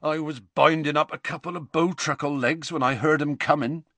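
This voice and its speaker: A man voicing a gruff, kindly half-giant groundskeeper who talks in rough country speech with dropped letters, in a storybook reading. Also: on the high side, steady tone, normal speed, fairly bright tone, no echo, voice pushed up. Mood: sad.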